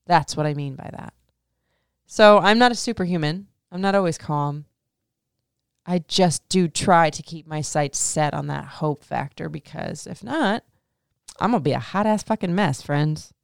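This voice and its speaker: Woman in her thirties, host of a casual Q&A podcast. Low, smooth voice, candid and emotional, swears freely. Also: measured pace, no echo, clean studio sound. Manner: frank, profane, heavy use of "like". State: emotional, near tears. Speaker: podcast host answering listener questions.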